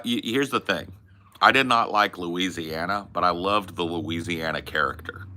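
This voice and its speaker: Animated, swearing podcast host man. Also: deep voice. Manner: animated, profane, joking. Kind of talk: casual podcast chat.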